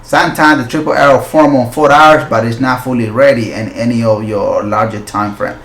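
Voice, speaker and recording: A man hosting a forex channel delivers live market analysis, getting excitable and slipping into loud hype and exclamations, with non-native English phrasing. His voice is medium-pitched at a moderate pace, with a reverberant sound.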